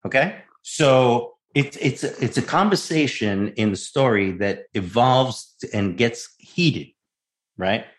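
A man's voice: mid-range voice, slow pace. A male actor, a guest, telling a casual anecdote and acting out the voices as he goes. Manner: animated storyteller, acts out voices.

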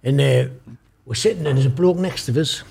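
A man's voice: mid-range voice, brisk, gravelly, a little mellow, slightly rough. A man, a podcast guest bluntly telling an anecdote with plenty of swearing. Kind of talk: casual storytelling chat.

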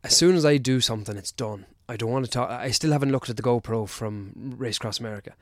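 A man's voice: medium pitch, quick pace, dry recording, clean studio sound. A man, a guest on a casual podcast, talking in a hesitant, self-deprecating way and often repeating himself. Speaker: podcast guest, endurance athlete.

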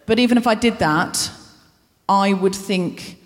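A woman host delivers a live stand-up monologue, self-deprecating and full of rambling asides. Her voice sits in a middle pitch, and a long reverb from the big concert hall trails her words. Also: unhurried.

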